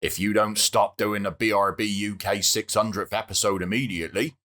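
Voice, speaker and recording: A man's voice: on the low side, steady tone, a little fast, fairly bright tone, lightly acted. A man playing a self-important actor who delivers warnings and keeps repeating his own name. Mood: grave.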